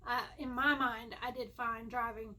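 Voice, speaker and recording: In a casual storytime, a young woman rambles through a personal tale in a high, lifted voice, bright and a little sharp. She's chatty and self-mocking, like a vlogger addressing viewers from home, with fairly even intonation at normal speed.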